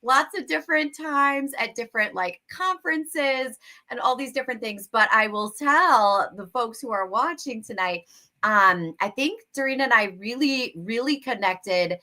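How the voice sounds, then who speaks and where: A woman's voice: fairly high pitch, moderate pace, pushed and bright. A woman hosting a livestream interview over a video call, gushing and enthusiastic, with lots of fillers. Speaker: host.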